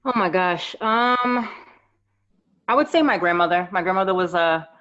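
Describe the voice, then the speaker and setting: Animated storytelling woman, slightly muffled. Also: on the low side, normal speed. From New York. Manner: animated storyteller, acts out quoted voices. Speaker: podcast guest, makeup artist. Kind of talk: casual chat. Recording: slightly dull lo-fi audio.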